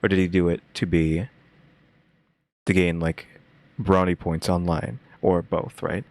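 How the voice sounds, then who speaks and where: A man chatting casually as co-host, with dry deadpan humor and rambling asides. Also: deep voice, unhurried, no room sound. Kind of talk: casual reaction chat.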